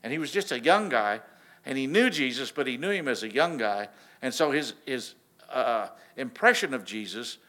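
A man preaching a sermon in a casual, animated storytelling way, often restarting his sentences. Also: mid-range voice, normal speed. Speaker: pastor.

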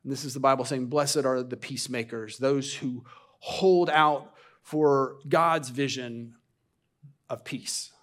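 A man's voice: medium pitch, fairly even intonation, takes it slowly, fairly bright tone. A man preaching a sermon as a pastor in a church, talking in a loose, conversational way with repeated restarts and rhetorical questions put to the congregation. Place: church sanctuary.

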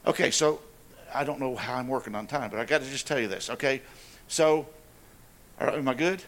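A church staff member preaches an earnest, emphatic sermon in an informal style, repeating phrases and adding personal asides. His voice is medium-pitched and fairly bright, and he speaks a little fast.

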